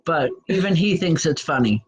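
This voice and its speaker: A woman hosting a call-in show, giving spiritual readings in a halting way, often restarting her sentences. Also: low voice, lively intonation, low-quality recording. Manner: halting, frequent restarts and self-corrections. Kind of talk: live psychic reading.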